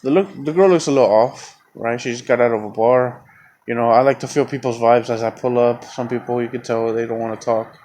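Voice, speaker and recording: A man telling a long story on his own podcast. He talks in a loose, rambling way, swears constantly and gets heated. His voice sits at an ordinary middle pitch, with a faint hiss of background noise behind him. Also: a little fast, darkish tone. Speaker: podcast host. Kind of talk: casual storytelling.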